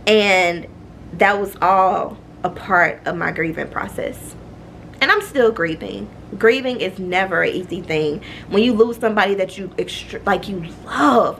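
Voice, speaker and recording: A woman talks straight to her viewers in a candid, confiding vlog, earnest and given to repeating herself. Her voice sits at an ordinary middle pitch but leaps up high on emphatic words. A faint hiss runs under the recording. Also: a bit bright. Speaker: vlogger. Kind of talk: candid personal storytelling to camera.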